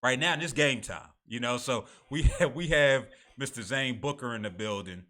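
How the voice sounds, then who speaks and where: Bright-voiced man hosting. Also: mid-range voice, moderate pace. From United States. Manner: conversational, laughs between remarks, many restarts. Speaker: host and moderator of a live online show. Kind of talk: casual talk-show monologue.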